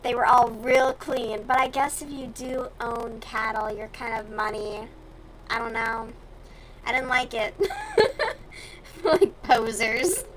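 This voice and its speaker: A woman's voice: a little high, expressive, takes it slowly, a bit bright, slight background noise, rough recording. A young woman from the US South chatting casually and bluntly with her stream viewers while she crochets, with plenty of swearing.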